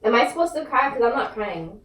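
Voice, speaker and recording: Young New woman, high and swooping voice, heated and cursing, in an echoey room off-mic. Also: sing-song, a little fast, fairly bright tone, distant mic. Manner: confrontational and heated, lots of slang and cursing. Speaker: wife confronting her husband in a prank video. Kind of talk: heated home argument, swearing. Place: home. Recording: echoey room, voice from across the room, faint noise.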